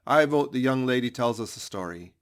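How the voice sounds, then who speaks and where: A man's voice: medium pitch, animated, a little fast, voice pushed up, natural voice. A man voicing a bored, pushy male March Hare who interrupts impatiently.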